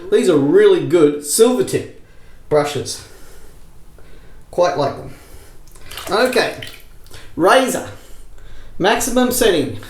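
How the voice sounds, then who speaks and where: A man's voice: high voice, animated, slow pace, pauses often, darkish tone, roomy sound, low-quality recording. A man hosting a casual shaving demonstration, rambling with jokey self-mocking asides. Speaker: shaving video host.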